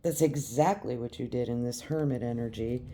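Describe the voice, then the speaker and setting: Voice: mid-range voice, moderate pace, mellow, slight background noise. A tarot reader giving a reading straight to the viewer, emphatic and repetitive. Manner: emphatic and repetitive, speaking directly to the listener.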